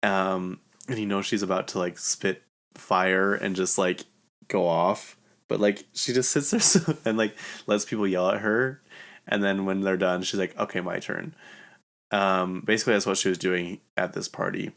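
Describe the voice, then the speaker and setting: A man with a very deep voice talks through a reality show in a loose, chatty gossip recap. Strong vocal fry runs through his sentences, and he keeps looping back with "like" as he rambles from one point to the next. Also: fairly even intonation, normal speed, a bit bright. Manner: chatty, rambling, heavy use of "like" fillers. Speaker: podcast host.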